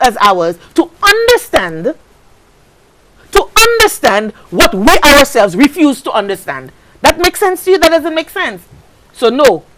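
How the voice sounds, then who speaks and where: A woman with a Saint Lucian accent hosting a talk show, speaking with passion and repeating phrases for emphasis. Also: a little high. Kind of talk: impassioned talk show commentary. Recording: noisy recording.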